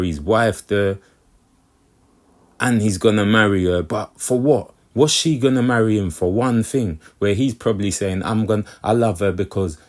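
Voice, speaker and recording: A man talking in a very low, deep voice. His casual monologue rambles and loops back on itself. He keeps asking whether the listener gets what he means. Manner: rambling, repeats himself, keeps checking "you get me". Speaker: commentator.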